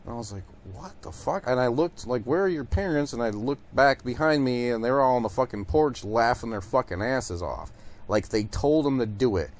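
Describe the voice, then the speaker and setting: A man's voice: mid-range voice, brisk. A young man from Detroit hosting a podcast, telling stories in a rambling, profane monologue full of fillers. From Detroit, USA. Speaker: podcast host. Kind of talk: casual monologue.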